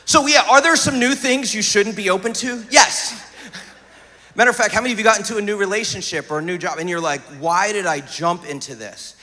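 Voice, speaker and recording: A man preaching a sermon, energetic and conversational, with joking asides. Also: sits high, fast, slight background noise. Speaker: pastor. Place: church hall. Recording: live hall reverb.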